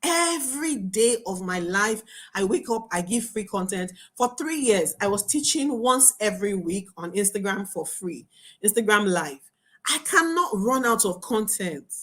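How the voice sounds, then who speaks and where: A young adult woman teaching a marketing webinar as a coach, talking in an animated, emphatic way. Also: mid-range voice, unhurried. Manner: animated, emphatic, laughs and acts out students' voices.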